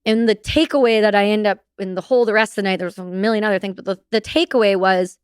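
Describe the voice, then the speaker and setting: Lively, smooth-voiced woman telling stories. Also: mid-range voice, fast talker, dry recording, clean studio sound. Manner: animated, laughing, swears freely. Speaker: podcast guest. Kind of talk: casual storytelling.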